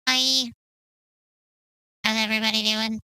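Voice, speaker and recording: A woman's voice: a little high, level tone, measured pace, bright, forceful tone, clean tone, dry recording, low-quality recording. A woman streaming at home with a cat on her lap, chatting playfully and greeting her viewers one by one. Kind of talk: casual live-stream chat.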